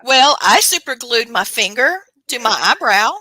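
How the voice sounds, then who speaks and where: Lively, bright-voiced woman host. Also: on the high side, normal speed, no echo, poor audio. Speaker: podcast co-host. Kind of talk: casual interview chat.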